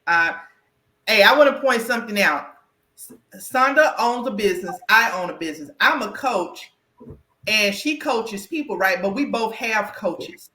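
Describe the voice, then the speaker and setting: A woman with a Southern US country twang, hosting a podcast conversation in an animated, emphatic way that often checks in with "right?". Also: medium pitch, normal speed, echoey room. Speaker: podcast host and career coach.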